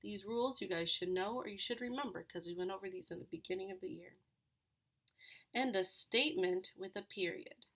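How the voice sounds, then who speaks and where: A woman teacher records a lesson for third graders. She talks patiently and explains each step, asking the class questions along the way. Her voice sits at an ordinary middle pitch. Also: fairly quick, a bit bright.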